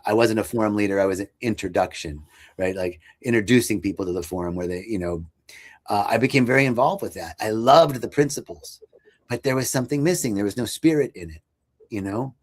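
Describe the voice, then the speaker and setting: A fairly low-pitched man speaks a little fast. He's a guest on a podcast, reflecting on his spiritual journey in an earnest, searching way, with frequent fillers and false starts.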